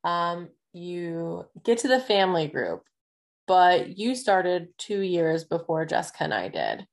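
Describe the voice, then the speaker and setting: A woman's voice: lowish voice, sing-song, unhurried, gravelly. A woman co-hosting a casual chat, asking questions hesitantly and restarting them. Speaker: podcast co-host.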